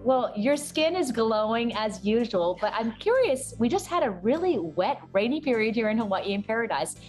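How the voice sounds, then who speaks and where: A woman's voice: a little high, sing-song, moderate pace, faint music behind. A woman hosting a TV lifestyle segment, upbeat and chatty as she introduces and questions a guest. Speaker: TV segment host.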